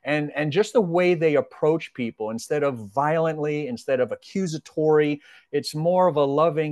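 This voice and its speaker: A man's voice: fairly high pitch, normal speed, no echo. Earnest middle-aged man, dry close sound. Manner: earnest, reflective, gently persuasive. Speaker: podcast guest, retired police officer. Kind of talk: casual storytelling conversation.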